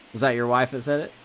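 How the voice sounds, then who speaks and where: A man streams a baseball video game, cheering the plays, ranting and chatting with viewers in an animated live commentary. His pitch is medium, with slight background noise in the recording.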